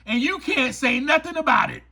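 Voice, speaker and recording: A man's voice: very high voice, animated, normal speed, sharp tone. A man hosting a motivational podcast, talking emphatically and repeating his key points. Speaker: podcast host and author. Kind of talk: motivational recovery podcast talk.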